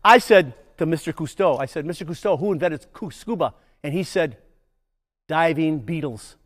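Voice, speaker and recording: A man's voice: on the high side, animated, normal speed, long reverb tail. An older man, a nature educator, leading a playful children's program full of call-and-response chants.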